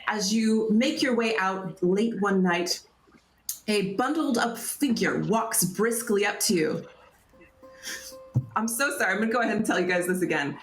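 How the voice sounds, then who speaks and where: A woman's voice: mid-range voice, normal speed, faint music behind. Apologetic woman running a tabletop game. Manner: apologetic, laughing, self-deprecating. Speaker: game master. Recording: roomy echo, faint noise.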